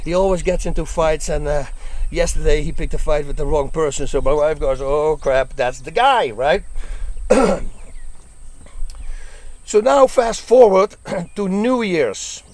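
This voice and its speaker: A middle-aged man from the Netherlands recounts wild bouncer stories in a loose, casual way. His voice sits a little higher than most men's, and he laughs now and then as the tales unfold. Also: unhurried, pauses often. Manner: animated, laughs while telling stories. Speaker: former bouncer telling stories. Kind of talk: casual storytelling.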